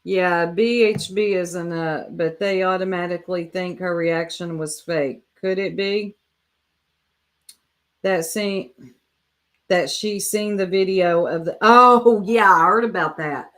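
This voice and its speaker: A woman with a fairly low voice hosts a live reaction stream in easygoing chat. She talks straight to her viewers, loose and chatty. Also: slow pace, a bit bright. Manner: chatty, addresses viewers directly.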